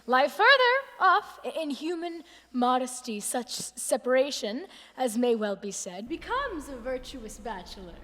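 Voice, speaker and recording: An actress playing a modest young woman who teases playfully in a giggly stage voice. Her tone is high, bright and lively, and a long hall reverb follows it. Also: a little slow, full character voice. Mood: teasing. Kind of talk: Shakespeare stage acting.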